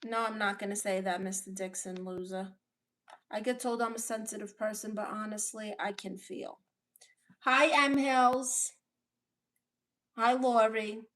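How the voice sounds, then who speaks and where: Answering viewer comments on her casual livestream, this Brooklyn-accented woman from Brooklyn, New York is blunt, sassy and unapologetic. She speaks in a mid-range voice at a measured pace, flat in delivery and a bit bright, pausing often.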